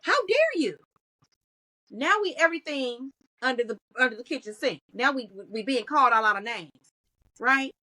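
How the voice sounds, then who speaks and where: A woman, a guest in a podcast interview, talking in an animated storytelling way. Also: on the high side, brisk, rough recording. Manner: animated storytelling, acts out quoted voices. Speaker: guest, content creator.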